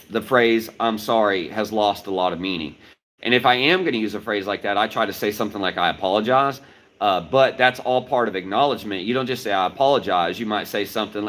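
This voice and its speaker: A man's voice: lowish voice, a bit bright, low-quality recording. A middle-aged man, a martial arts instructor, explaining step by step in a livestreamed talk and checking in with "right?" as he goes. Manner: explanatory, repeats key points with "right?".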